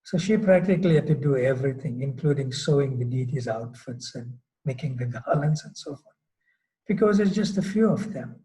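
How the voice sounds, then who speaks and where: Mellow-voiced man giving a relaxed sermon. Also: mid-range voice, fairly quick, low-quality recording. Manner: loose, storytelling with many fillers and restarts. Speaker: swami giving a scripture class. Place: temple hall.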